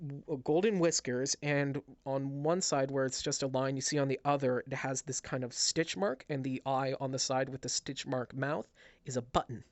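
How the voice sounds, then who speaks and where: A man narrating as game master, describing scenes with halting restarts. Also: mid-range voice, fairly even intonation, no room sound. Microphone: headset.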